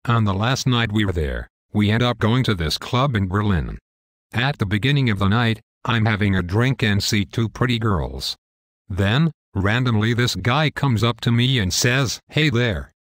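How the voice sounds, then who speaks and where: A man's voice: fairly low pitch, normal speed, no room sound, clean studio sound. A young man telling a wild story in a casual, profane, matter-of-fact way. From United States. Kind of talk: casual scripted story narration.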